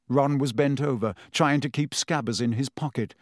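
A man narrating an audiobook in a measured, steady storytelling manner. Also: medium pitch, dry recording, clean studio sound. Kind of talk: scripted narration.

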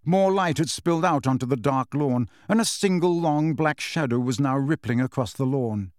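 Reading aloud as an audiobook narrator, a man delivers scripted narration with measured expressiveness. His pitch is medium, and the studio sound is clean with no room sound.

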